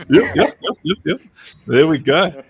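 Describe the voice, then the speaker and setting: A man's voice: fairly high pitch, very animated, measured pace, creaky, dull audio. A man from South Africa with a South African accent, hosting a livestream in casual, joking chat with many fillers. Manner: joking, laughs often, rambling with many fillers. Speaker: livestream host.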